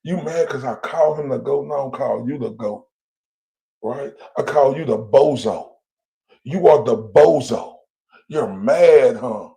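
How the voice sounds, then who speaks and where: A man's voice: mid-range voice, a little slow, creaky, mellow, husky. A man hosting a livestream, ranting in a profane, taunting, confrontational way. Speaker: livestream host. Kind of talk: heated livestream rant. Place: lives in Dallas, Texas.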